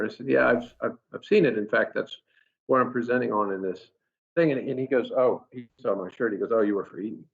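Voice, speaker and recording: Speaking at a medium pitch and a fairly quick clip, this creaky-voiced engineer from a company experience center shares a lively story in a recorded talk. He keeps restarting his sentences, and the sound is dull and lo-fi.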